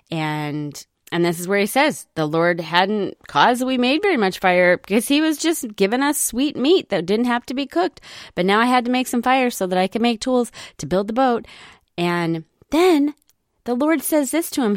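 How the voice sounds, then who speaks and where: Lively woman retelling scripture stories. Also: mid-range voice, moderate pace, no echo, clean studio sound. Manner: lively, asks listeners questions. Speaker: scripture storyteller for children.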